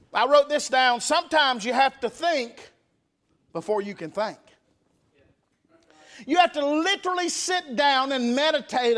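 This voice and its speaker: A man's voice: very high voice, a bit bright. A man preaching a revival sermon in a church, emphatic and calling for responses from the congregation. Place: church sanctuary.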